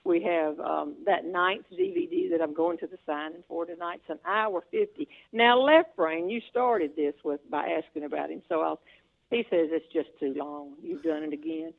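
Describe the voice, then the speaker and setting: A woman's voice: fairly low pitch, very animated, moderate pace, creaky. A woman in her seventies, a comedian guest telling stories down the phone, chatty and laughing often. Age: 70s. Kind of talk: storytelling in a phone interview. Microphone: telephone. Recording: tinny phone line.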